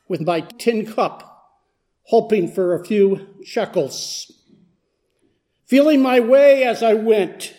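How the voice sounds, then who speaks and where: A man's voice: high voice, warm tone. A man performing a first-person dramatic monologue as a blind beggar, speaking earnestly and building in intensity. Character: blind beggar man, humble then desperate. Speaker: dramatic storyteller.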